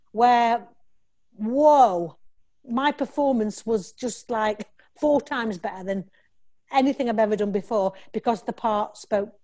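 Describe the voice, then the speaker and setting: Woman, slightly high pitch; talkative actress, animated storyteller prone to restarts. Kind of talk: casual interview.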